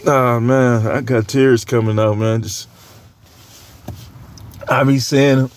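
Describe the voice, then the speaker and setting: A man's voice: mid-range voice, steady tone, takes it slowly. A man with a cold who coughs now and then, preaching a casual, joking sermon with lots of laughter and slangy banter.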